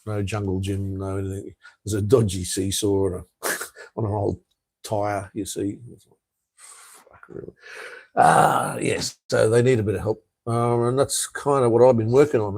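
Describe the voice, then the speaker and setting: A man's voice: fairly low pitch, normal speed, vocal fry, darkish tone, slightly rough. An Australian man hosting a casual live stream, chatting loosely and answering viewer comments with lots of fillers, "mate" and "hey". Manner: rambling, with frequent "uh", "mate" and "hey".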